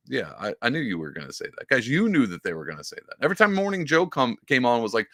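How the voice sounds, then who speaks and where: A man with a mid-range voice talks fast in a studio-quality recording with no room sound. Hosting a podcast, he reacts to a clip in casual commentary, animated and full of fillers and mocking impressions.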